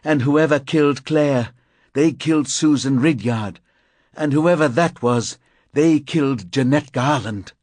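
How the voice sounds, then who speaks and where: A man's voice: mid-range voice, measured pace, darkish tone, no echo, pitched above the performer's own voice, close to an everyday voice. A man voicing a young male crime reporter who presses hard with insistent questions, in an audiobook reading. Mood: urgent.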